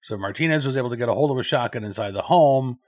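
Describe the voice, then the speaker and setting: A man hosts a news commentary show, thinking out loud in a relaxed, conversational style full of filler pauses. His voice is medium in pitch with a somewhat dark tone.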